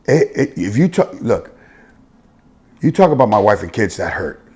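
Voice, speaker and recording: A man from Miami with a husky voice and a Miami accent, telling stories bluntly in a casual interview, swinging between loud and hushed. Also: on the low side, big pitch swings, normal speed. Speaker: interview guest, youth football coach. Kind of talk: casual storytelling conversation.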